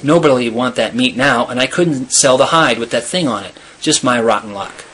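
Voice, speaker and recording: A man reading aloud puts on a gruff hunter who growls his complaints in a husky, rough voice. He sounds disgruntled and sour, grumbling about his bad luck. The voice stays at an ordinary middle pitch. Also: moderate pace, a bit bright. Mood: disgusted.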